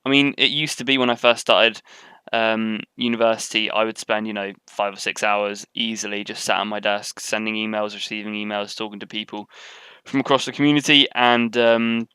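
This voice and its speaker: Brief: young male gamer, chatty live commentary, bright crisp voice. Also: on the low side, little pitch movement, normal speed, no echo. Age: young adult. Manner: rambling, chatty, with frequent ums and tangents. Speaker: gaming commentator. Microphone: webcam setup at desk.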